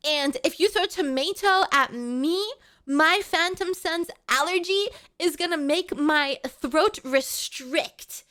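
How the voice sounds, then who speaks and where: A woman's voice: high-pitched, takes it slowly, sharp tone. A woman streamer chatting casually with her live chat, playful and melodramatic, often pleading with viewers.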